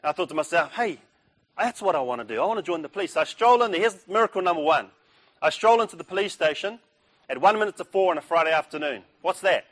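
A man's voice: high voice, lively intonation, quick pace, a bit bright. A middle-aged man giving a testimony sermon at a Christian breakfast, telling his story with humor and acting out the people he quotes. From New Zealand.

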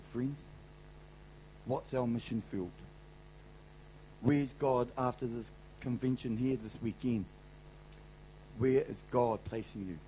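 A man's voice: medium pitch, a little hiss or hum, poor audio. A middle-aged man with a New Zealand accent, giving an emphatic, colloquial sermon testimony to a convention crowd. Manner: emphatic, colloquial, swings loud and soft. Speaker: convention speaker.

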